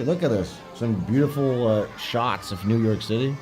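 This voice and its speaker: A man's voice: mid-range voice, normal speed, a little mellow. A man hosting a livestream, chatting casually and joking as he watches a film, with music playing behind him. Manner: joking, irreverent, swears freely, laughs at what he watches. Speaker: livestream host.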